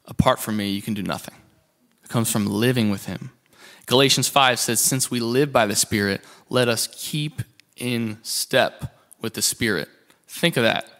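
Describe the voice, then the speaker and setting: A man's voice: medium pitch, moderate pace, a bit bright. A man preaching a sermon to a congregation, passionate, with rhetorical questions and rising and falling emphasis. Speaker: pastor.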